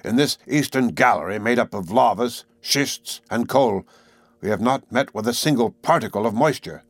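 A stubborn, commanding old professor, read by a man in an audiobook, pressing his case with firm, resolute declarations. The voice sits at a middling pitch, and the recording is close and dry with no room sound. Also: animated, moderate pace, dry recording, close to an everyday voice. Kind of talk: audiobook character reading.

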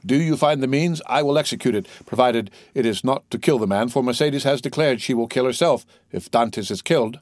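A man's voice: medium pitch, a little fast, few pauses, no echo, clean studio sound, lightly acted. A man voicing a jealous, hot-headed young male fisherman who speaks with impatient intensity, in a storybook reading. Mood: vehement.

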